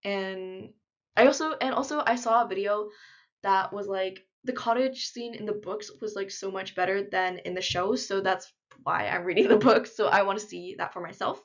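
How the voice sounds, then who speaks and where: A young woman talking casually to camera in an unedited vlog, chatty and full of fillers, gushing like an excited fan. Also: mid-range voice, moderate pace. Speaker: vlogger. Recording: slightly dull lo-fi audio.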